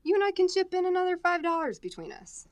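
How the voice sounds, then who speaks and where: A woman's voice: very high voice, very animated, quick pace, dry recording. An actress playing a wisecracking female schoolteacher in a 1950s radio comedy, dry and sardonic.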